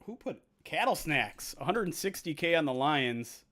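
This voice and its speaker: A man's voice: on the high side, very animated, sharp tone. A man streaming a football video game simulation, chatting casually with viewers, laughing at himself and calling the plays. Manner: chatty, self-mocking, quick to laugh. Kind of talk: casual live-stream chat and play-by-play.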